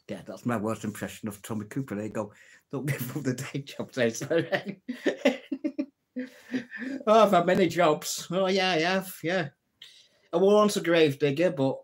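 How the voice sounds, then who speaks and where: A man's voice: medium pitch, breathy edge. A man runs a casual live stream, reeling off old gags and chuckling at his own puns. He speaks in a middling voice and talks straight to his viewers, greeting them and answering their comments. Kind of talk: casual live-stream chat telling jokes.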